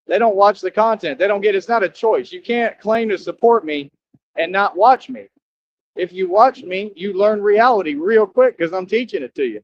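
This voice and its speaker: A man giving a rambling, boastful livestream monologue outdoors near a highway, scolding his viewers and repeating himself. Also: dull audio, slight background noise. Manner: talks straight to his viewers, scolding them.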